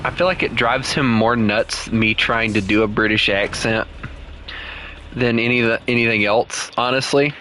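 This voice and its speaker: Bright-voiced Southern US gamer man. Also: medium pitch, steady tone, moderate pace, slight background noise. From Southern United States. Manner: playful, teasing, laughs often. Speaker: game streamer. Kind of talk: casual gameplay chat with co-players.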